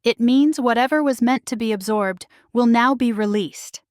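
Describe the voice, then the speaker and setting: A woman voicing an ancient, sorrowful, soft-spoken guide. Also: fairly high pitch, no room sound, clean studio sound, lightly acted. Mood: grave. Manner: soft, solemn and slow.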